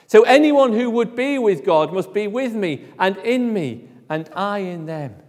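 High-voiced preacher in a reverberant hall. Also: male voice, animated, unhurried. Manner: emphatic, drops to a hush at phrase ends. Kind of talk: sermon.

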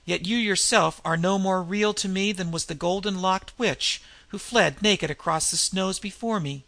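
A man's voice: high voice, normal speed, gravelly, bright, forceful tone, no echo, voice pushed up, heavily acted. A man doing a dazed barbarian warrior. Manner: hazy, dazed delivery.

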